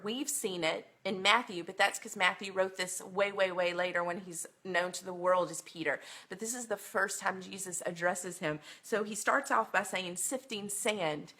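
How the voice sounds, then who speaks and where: Bright-voiced woman teaching scripture. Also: medium pitch. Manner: earnest, emotional storytelling with many ums. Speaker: Bible study teacher. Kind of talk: livestreamed Bible lesson. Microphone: phone.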